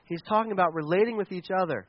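A male pastor preaches in a playful, conversational way, and his voice sits high for a man. The recording is dull and muffled, with a dry sound and no echo. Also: quick pace. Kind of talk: sermon.

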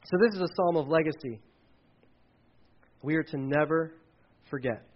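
Male pastor, slightly high pitch, conversational sermon, muffled lo-fi mic. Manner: conversational, repeats words, quick asides. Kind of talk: sermon with children's object lesson. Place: church stage. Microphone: handheld or headset mic.

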